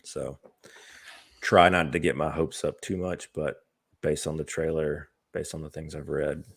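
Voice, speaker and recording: A man co-hosting a podcast, chatting casually about movie trailers with a relaxed, hesitant delivery full of fillers. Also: extremely low pitch, unhurried, creaky, husky. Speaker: podcast co-host.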